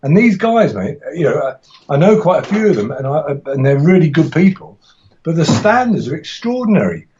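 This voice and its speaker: A man's voice: fairly high pitch, big pitch swings, brisk, mellow, a little hiss or hum. Man, podcast guest, casual chat, rambling, enthusiastic, dull lo-fi recording. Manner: rambling, enthusiastic, frequent restarts and laughs. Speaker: martial arts instructor and guest.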